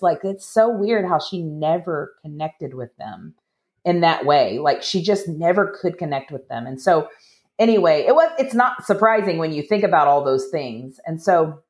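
Chatty woman telling a family story. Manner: animated, acts out quoted voices in a higher pitch; chatty with many restarts. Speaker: podcast guest. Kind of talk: personal storytelling.

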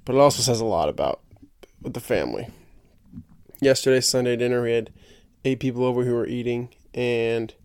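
A man's voice: mid-range voice, brisk, pauses often, clear, resonant tone, no echo, clean studio sound. A young man hosting a podcast, rambling and joking in casual solo chat and tripping over his own words. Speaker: podcast host.

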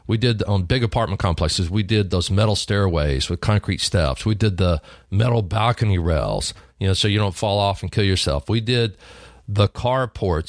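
A middle-aged Texan man coaching salespeople in a folksy, emphatic storytelling style. His voice sits fairly low, and his pitch swings widely for emphasis. The sound is dry and close. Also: no echo. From Texas. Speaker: sales trainer.

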